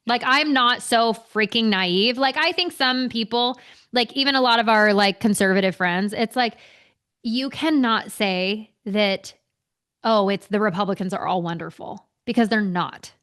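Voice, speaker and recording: A young adult woman with a somewhat high voice, ranting and swearing her way through an unfiltered podcast chat. She talks in heated bursts as a co-host. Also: measured pace, fairly bright tone, clean tone.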